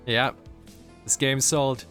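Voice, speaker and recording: Low-voiced man narrating a game. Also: fairly bright tone. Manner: joking, laughing reactions. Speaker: let's play host. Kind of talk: reading game text aloud with commentary.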